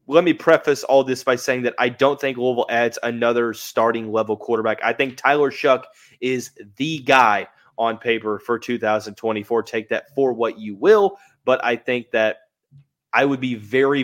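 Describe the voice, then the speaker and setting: A man hosting a live sports podcast, giving analysis in a conversational way and thinking aloud with hedges. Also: mid-range voice. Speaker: podcast host.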